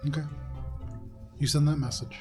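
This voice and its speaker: A man narrating a tabletop game as game master, describing scenes in a relaxed, descriptive way with frequent fillers. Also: fairly high pitch, moderate pace, soft background music.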